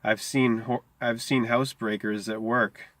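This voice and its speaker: A scornful teenage gang leader, as a man reading a story puts him on. His questions climb higher and land with sharp scorn. Under that he stays an ordinary mid-range male voice. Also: little pitch movement, unhurried, no room sound, close to an everyday voice.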